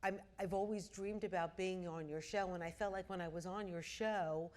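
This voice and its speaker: A woman's voice: lowish voice, fairly even intonation, moderate pace, darkish tone. A woman interviewing a guest on stage, chatty and playful, laughing easily. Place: auditorium before a live audience.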